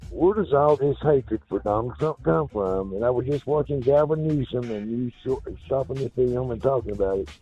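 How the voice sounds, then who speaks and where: A man's voice: medium pitch, moderate pace, hardly any pauses, dark tone, lo-fi sound, soft background music. A man calling a radio show, indignant and repeating his points. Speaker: caller. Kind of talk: call-in radio message.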